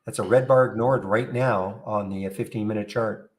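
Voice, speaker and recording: A man with a somewhat low voice gives relaxed live commentary on a stock. He pauses often and fills the gaps with small fillers, speaking in an easygoing, unhurried way. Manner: relaxed, hesitant with many fillers.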